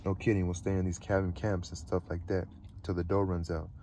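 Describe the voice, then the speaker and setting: A restless, cynical teenage boy, read aloud by a man gripes and swears about everything, pushing into excited pleading. The voice stays low and deep, the pace quick, the melody fairly flat. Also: slight background noise. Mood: griping.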